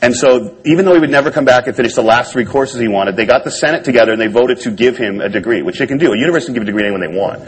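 A man with a slightly husky voice tells a personal story to an audience, speaking at a brisk clip. His delivery is wry and self-deprecating, the manner of a stage talk. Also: medium pitch, rough recording.

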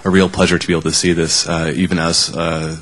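A man moderating a conference session, formally and politely thanking the speaker, with filler pauses. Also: sits low, flat delivery, a bit bright.

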